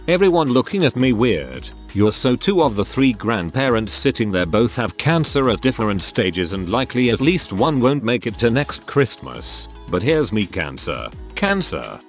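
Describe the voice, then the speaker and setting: A man narrating online anecdotes in a steady, scripted storytelling delivery. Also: medium pitch, moderate pace, few pauses, faint music behind. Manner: reads first-person anecdotes aloud in a steady storytelling delivery.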